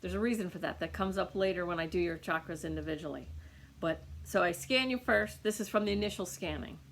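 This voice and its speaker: A woman's voice: lowish voice, a little fast, vocal fry, a little hiss or hum. Chatty woman giving an energy reading. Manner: chatty, rambling, many fillers and restarts. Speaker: energy healer reading for a client. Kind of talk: casual recorded healing reading.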